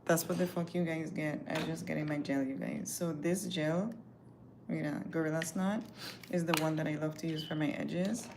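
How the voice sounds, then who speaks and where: Woman, low gravelly voice, animated profane storytelling, livestream, faint background hiss. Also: moderate pace. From Caribbean. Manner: animated, profane, chatty, acts out quotes.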